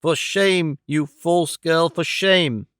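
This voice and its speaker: A man's voice: on the high side, fairly bright tone, smooth, dry recording, studio quality. A man reading an audiobook voices a frail old man whose trembling voice turns fierce and indignant. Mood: indignant scolding. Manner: slow, earnest, protesting.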